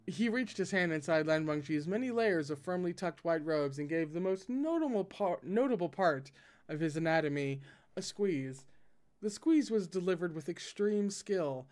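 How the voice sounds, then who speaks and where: A man reading a novel aloud expressively, now and then breaking in with excited asides. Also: high-pitched, moderate pace. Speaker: podcast reader.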